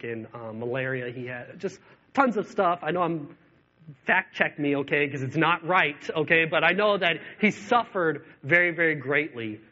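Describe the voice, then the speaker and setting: A man preaching a sermon, telling stories with lots of ums and acting out the dialogue. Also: medium pitch. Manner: animated storytelling with acted-out dialogue, many fillers. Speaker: pastor. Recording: dull lo-fi sound.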